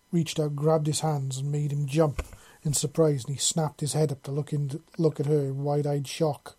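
Mellow husky story reader. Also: mid-range voice. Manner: casual reading with self-corrections. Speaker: audiobook narrator. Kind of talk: reading fan fiction aloud.

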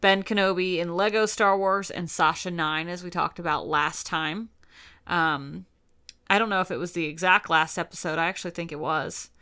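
A woman's voice: fairly low pitch, fairly even intonation, moderate pace, pushed and bright, clean tone. A woman co-hosting a casual podcast, chatting and reading off a cast list. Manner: chatty, reads cast lists, bursts into silly voices. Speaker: podcast co-host. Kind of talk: casual chat.

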